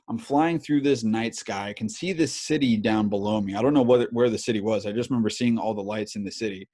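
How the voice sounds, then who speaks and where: Brief: thirties male podcast host, lowish voice, loose and profane, animated storyteller. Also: fairly quick, hardly any pauses. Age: 30s. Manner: animated, swears a lot, many fillers. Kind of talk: casual storytelling chat.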